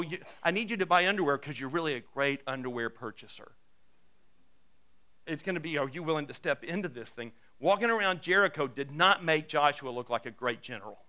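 Pastor guy preaching, high bright voice, chatty storytelling, keeps restarting his sentences. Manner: conversational, animated storytelling with repeated restarts. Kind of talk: sermon.

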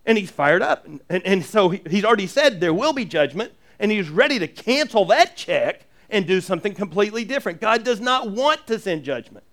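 Male pastor, high voice, lively sermon delivery with joking asides and frequent restarts. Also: brisk, few pauses. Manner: animated, earnest, jokey asides, frequent repeated restarts.

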